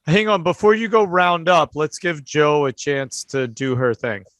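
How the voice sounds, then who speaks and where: A man's voice: fairly high pitch, a little slow, a bit bright, no echo. A man running a tabletop role-play game as game master, easygoing and thinking aloud as he makes his calls.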